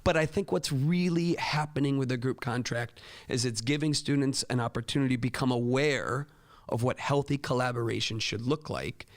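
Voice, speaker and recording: A man, a teacher, talking earnestly to fellow teachers and acting out quoted dialogue in a raised voice. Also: medium pitch. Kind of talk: talk to teachers with classroom stories.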